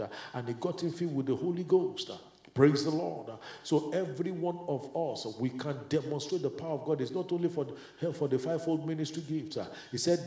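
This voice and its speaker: A man leading group prayer at a leaders' retreat, preaching in a halting way with many filler sounds and turning to fervent prayer in tongues. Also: medium pitch, mellow. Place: retreat meeting room. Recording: echoey room.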